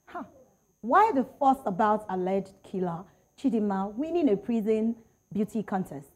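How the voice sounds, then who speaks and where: A Nigerian woman hosting a lively panel chat, teasing her guests and reading out quotes. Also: medium pitch, normal speed. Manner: animated, teasing, reads out tweets. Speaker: talk show host.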